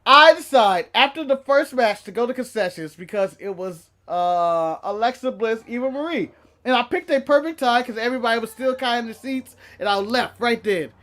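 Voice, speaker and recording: A man co-hosting a casual wrestling chat show, telling a long story in an animated, profane way and laughing through it. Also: very high voice, moderate pace. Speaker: podcast co-host.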